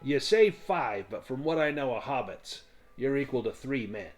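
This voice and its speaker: A man puts on a surly older farmer, gruff and loud, barking his lines in a middle register. The voice is raised and rough compared with the plain narration around it. Faint music plays underneath. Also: medium pitch, lively intonation, moderate pace, lightly acted.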